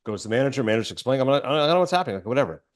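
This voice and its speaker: Male podcast host, brisk, chatty film recapper, filler-heavy. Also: mid-range voice, expressive. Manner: rambling, filler-heavy retelling with quick quoted asides.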